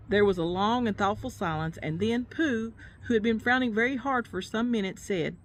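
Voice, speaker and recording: A woman's voice: a little high, a little hiss or hum. A woman reading a children's storybook aloud, casual and unpolished, now and then stopping to remark on the book. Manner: casual, pauses to comment on the book. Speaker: storybook reader.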